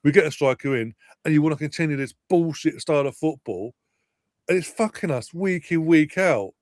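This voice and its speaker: Guy moaning sarcastically about the football, slightly high voice, dry sound. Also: animated, a little fast, dry recording. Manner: bitter, sarcastic, sweary. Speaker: football fan co-host. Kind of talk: angry live match watchalong rant.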